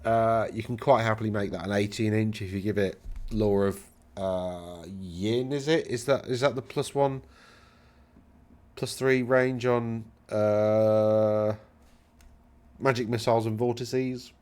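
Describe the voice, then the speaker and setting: Male host, lower register, casual rambling rules chat, wry and dismissive. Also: fairly even intonation, a little slow, darkish tone. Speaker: channel host reviewing game rules.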